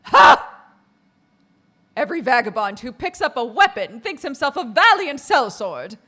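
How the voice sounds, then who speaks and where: A woman's voice: high voice, big pitch swings, measured pace, voice pushed up, full character voice. A woman voicing a bossy male gate guard who barks his orders. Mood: barking. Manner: barking, loud and curt.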